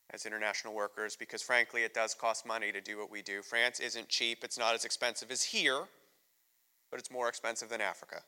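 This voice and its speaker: In a church sanctuary with long, ringing reverb, an American missionary preaches a deeply personal, emotional sermon. His voice is strikingly bright, clear and resonant, pitched on the low side. He tells his stories with candor.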